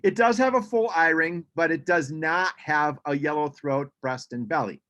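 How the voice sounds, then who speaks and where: A man presents a slideshow on birds over a video call, in an easy, conversational way. His voice sits a touch high, and he often pauses with ums and starts sentences over. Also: fairly bright tone. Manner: chatty, frequent ums and restarts. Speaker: birding presenter.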